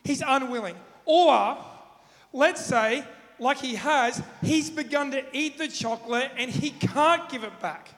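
A man's voice: very high-pitched, measured pace, a bit bright. A man preaching in a casual, conversational way, asking the audience questions and acting out everyday examples. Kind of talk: sermon. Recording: long reverb in a hall.

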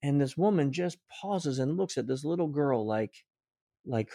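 Man, middle-aged, interview guest, storytelling, animated, restarts, dry sound. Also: mid-range voice, measured pace, no room sound. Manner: animated storyteller, quotes people in his own voice, frequent restarts. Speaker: guest author.

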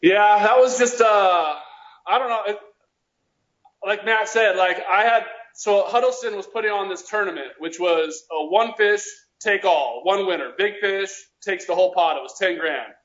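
A man's voice: sits high, normal speed, fairly bright tone. A man guest-talking as an angler, telling stories in a rambling, casual way with many restarts. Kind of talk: casual storytelling. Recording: roomy, dull sound.

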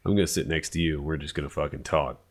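A man telling a funny story in casual chat, animated and profane, acting out what people said. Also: extremely low pitch, rapid-fire. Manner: animated, profane, acts out quotes.

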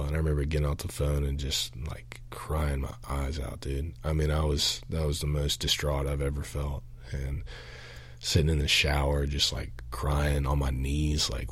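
A young man from Georgia tells his story as a podcast guest, in a very deep, husky voice. He talks earnestly and haltingly, full of fillers and restarts, and the recording is close and dry. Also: no echo. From Augusta, Georgia, US. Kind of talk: candid testimony.

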